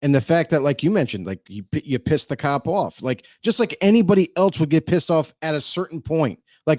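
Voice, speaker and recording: A male podcast co-host in a casual panel discussion, calmly explaining his view step by step. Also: fairly high pitch, a little fast, few pauses, dry recording.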